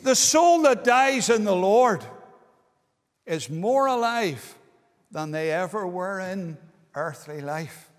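A man's voice: high voice, animated, takes it slowly. A man preaching an earnest, pleading evangelistic sermon in a meeting hall, dwelling on key words. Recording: long hall reverb.

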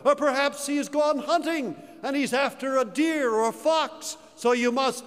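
A man preaching, acting out a scornful male prophet who shouts loud, mocking taunts at his rivals. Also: very high-pitched, moderate pace, in a large hall, voice pushed up.

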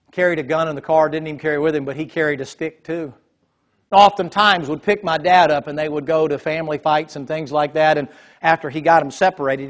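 A man preaching a sermon, telling folksy stories and building to emphatic, loud passages. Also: a little high.

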